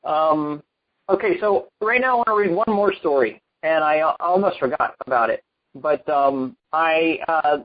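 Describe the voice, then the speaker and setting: A man leading a church gathering, earnestly reading a written testimony aloud with a halting delivery. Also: fairly high pitch. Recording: muffled lo-fi recording.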